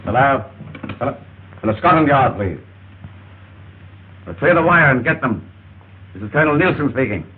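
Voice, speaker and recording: A gruff barking colonel. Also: male voice, medium pitch, very animated, moderate pace, long pauses. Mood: brusque. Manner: curt, barking commands. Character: brusque gruff older male army colonel. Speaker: colonel giving orders. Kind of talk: 1930s film acting. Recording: muffled old film soundtrack, thin and hissy.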